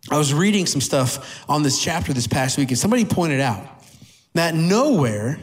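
Animated male preacher, fairly high voice. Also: normal speed. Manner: animated, emphatic preaching with varied pace. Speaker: pastor. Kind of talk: sermon. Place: church hall with audience.

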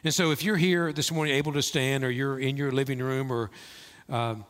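A male pastor preaching a sermon in a church, slow and emphatic with dramatic pauses. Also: mid-range voice, fairly even intonation, a bit bright, smooth. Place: church sanctuary. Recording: long reverb of a large hall.

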